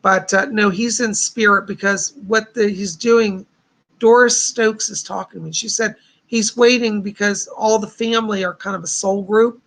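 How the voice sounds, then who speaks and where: A man's voice: sits high, fairly even intonation, moderate pace, a bit bright. A man hosting a live stream of psychic readings, talking in a chatty, reassuring way with a somewhat strained voice. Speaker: psychic host.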